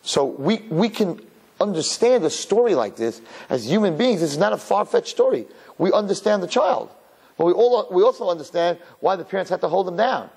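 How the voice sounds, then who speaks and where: A rabbi delivers a sermon in a lively, storytelling style. His voice sits fairly high and swings widely as he talks. His tone is husky. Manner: animated storyteller who acts out his characters.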